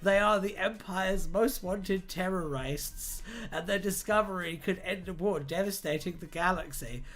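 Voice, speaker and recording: A man hosting a livestream, chatting casually and reading aloud, irreverent and quick to swear and laugh. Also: high voice, fairly bright tone, soft background music. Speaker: livestream host.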